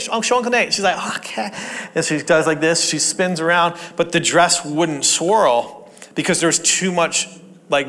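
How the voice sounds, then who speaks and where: A young man giving a sermon, telling funny family stories and laughing often as he makes his point. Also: a little high. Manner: jokey, animated, laughs at his own stories. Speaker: pastor. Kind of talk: sermon with personal storytelling.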